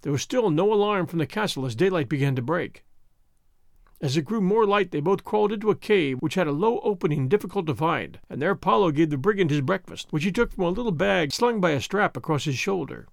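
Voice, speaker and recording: Storyteller, male, lively intonation, dry close recording. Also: on the high side, fairly quick, vocal fry, no room sound. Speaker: narrator. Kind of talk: storybook reading.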